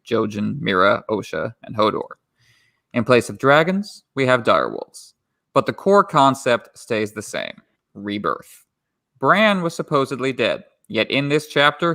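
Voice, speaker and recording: A man co-hosting a podcast, giving measured, analytical commentary on a novel. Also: medium pitch, gravelly, pushed and bright, no echo, studio quality. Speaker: podcast co-host.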